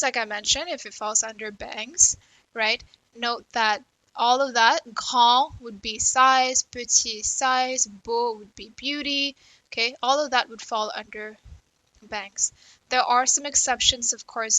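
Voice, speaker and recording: Woman, language teacher, lecture, explains step by step, slightly high voice, dry close sound. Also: sharp tone, dry recording, rough recording. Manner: explanatory, with frequent "right?" and "okay" checks. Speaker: French teacher. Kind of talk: recorded grammar lecture.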